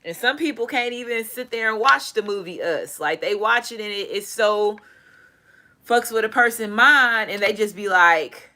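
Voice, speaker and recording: A woman doing a casual tarot reading, talking in an animated, profane way. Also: mid-range voice, moderate pace. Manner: animated, profane, laughing asides. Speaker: tarot reader.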